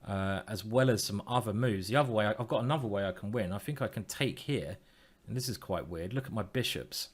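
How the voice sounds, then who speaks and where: A man's voice: on the low side, a little fast, hardly any pauses, husky. A man streaming online chess, thinking aloud in a playful, self-mocking way and teasing his opponent.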